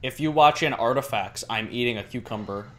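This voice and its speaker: A man hosts a podcast in relaxed chat, dropping dry, joking remarks. His voice sits at a middle pitch and comes through plainly. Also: fairly quick. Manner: wry, joking. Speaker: podcast host. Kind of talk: casual chat.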